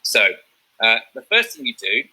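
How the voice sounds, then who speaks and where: A man's voice: medium pitch, sing-song, normal speed, pushed and bright, low-quality recording. A man teaching a drama revision lesson, explaining step by step and checking in with "okay?".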